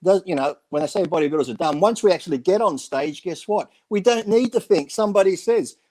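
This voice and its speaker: A man with a slightly high voice tells stories in a casual radio chat. He acts out other people's quotes with lots of energy and swears freely along the way. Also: fast. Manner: animated storyteller acting out quotes, swears freely. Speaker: bodybuilding radio show regular.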